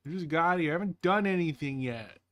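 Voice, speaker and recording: A man's voice: on the high side, expressive, a little fast. A man chatting casually on a live stream, rambling playfully and talking to his chat and to himself.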